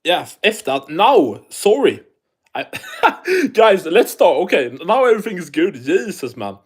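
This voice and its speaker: A man's voice: high-pitched, big pitch swings, unhurried, slightly rough. A man from Sweden, hosting a casual live stream, chatting and reading the chat aloud while swearing freely.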